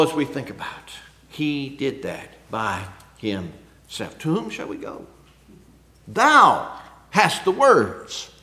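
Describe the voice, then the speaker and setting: In a fairly high voice, a man preaches as if chatting, posing rhetorical questions and veering between forceful emphasis and murmured asides.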